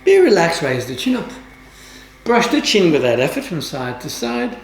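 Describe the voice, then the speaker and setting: A woman yoga teacher leads a guided class with calm, measured instructions in formal, old-fashioned wording. Her pitch moves up and down in a lively way, and the recording carries a roomy echo with a faint hiss underneath. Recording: roomy, echoey room.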